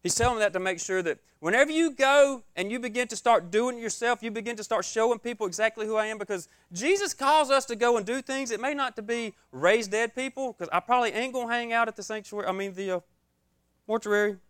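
Joking young preacher with a smooth voice. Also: male voice, extremely high pitch, fast talker, fairly bright tone, no room sound, clean studio sound. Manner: self-deprecating and joking, acts out his own reactions. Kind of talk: informal sermon.

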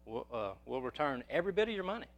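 A man's voice: mid-range voice, very animated, quick pace. A man playing a pet store saleswoman in a joke told within a sermon, talking in an eager, persuasive sales manner. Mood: insistent. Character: female pet store clerk, insistent saleswoman.

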